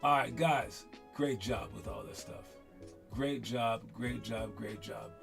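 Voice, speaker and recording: A man's voice: lowish voice, fairly even intonation, takes it slowly, gravelly, over music. A man coaching young basketball players in casual, rambling talk that often repeats itself. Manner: rambling, upbeat, repeats himself.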